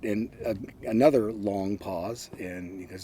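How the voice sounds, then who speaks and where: Low-voiced older man telling stories. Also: fairly even intonation, vocal fry, mellow, a little hiss or hum. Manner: unhurried, wry, many ums and uhs. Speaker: interviewee. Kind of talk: casual anecdotal storytelling.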